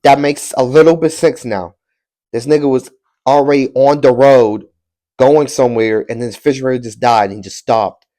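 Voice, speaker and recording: A man's voice: medium pitch, fairly even intonation, moderate pace, dark tone. Chill guy reacting to a video, slangy and chatty, mid voice. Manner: laid-back, slangy, chatty. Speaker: reaction streamer. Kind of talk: casual reaction commentary.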